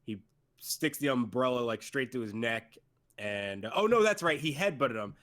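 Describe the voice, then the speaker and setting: A man's voice: mid-range voice, lively intonation, normal speed, a bit bright. A man recapping a wrestling show in casual chat, swearing and mimicking wrestlers for laughs.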